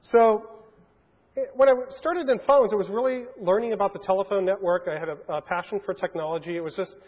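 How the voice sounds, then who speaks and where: High-voiced man telling stories in a reverberant hall. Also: a little fast. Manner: animated anecdotal storytelling with fillers. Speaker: keynote speaker. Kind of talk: storytelling keynote. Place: hotel conference hall. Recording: long reverb of a large hall.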